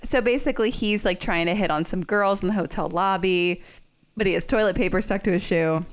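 A woman's voice: medium pitch, fairly quick, clear, resonant tone. A young woman co-hosting a casual podcast, chatting through a movie plot with lots of "like" and frequent laughs. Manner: chatty, heavy use of "like", laughs often. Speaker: podcast co-host. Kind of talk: casual chat recapping a movie.

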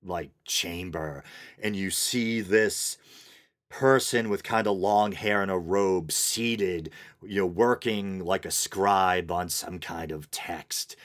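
A man's voice: sits low, takes it slowly, a bit bright. A man hosting his own podcast, rambling casually with fillers and chuckles. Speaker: podcast host. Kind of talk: casual solo podcast monologue.

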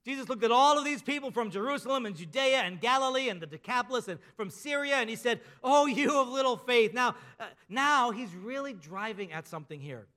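High, bright-voiced preaching man. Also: lively intonation. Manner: emphatic preaching with slow drawn-out endings. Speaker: pastor. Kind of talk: sermon.

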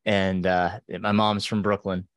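Low-voiced man hosting a podcast. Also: flat delivery, unhurried, fairly bright tone, no echo. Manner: laughs often while listening. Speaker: podcast host. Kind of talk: casual interview chat.

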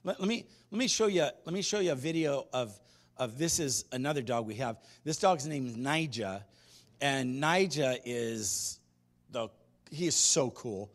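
A man preaching a sermon as pastor, telling stories in an animated way and moving between loud and hushed delivery. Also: medium pitch, a little slow. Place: church sanctuary.

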